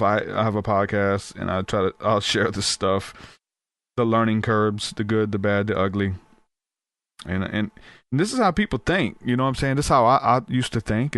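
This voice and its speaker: A man with a fairly low voice tells an informal story as a podcast host, often stopping to act out what people said. He restarts sentences often as he goes. The sound is dry and close, with little room echo. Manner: animated, acts out quoted voices, frequent restarts.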